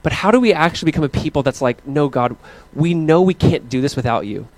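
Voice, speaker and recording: A man in his thirties preaching a casual, story-driven sermon as pastor, animated and playful as he recounts family moments. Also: fast talker, no room sound. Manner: animated storytelling, acting out his kids in high voices. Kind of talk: conversational sermon.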